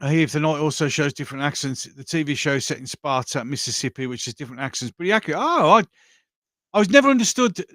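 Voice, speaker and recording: A man's voice: on the high side, expressive, quick pace, pushed and bright, no room sound, studio quality. A middle-aged man with a Birmingham accent, hosting a casual livestream chat, blunt and bawdy, often laughing. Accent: Birmingham (Brummie). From England. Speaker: livestream host reading chat.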